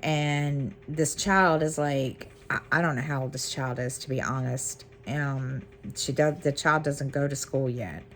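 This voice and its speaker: A woman's voice: a bass voice, unhurried, hardly any pauses. A middle-aged woman chatting casually to her viewers, rambling with many ums and restarts. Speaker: cross-stitch vlogger. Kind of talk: casual chat to camera.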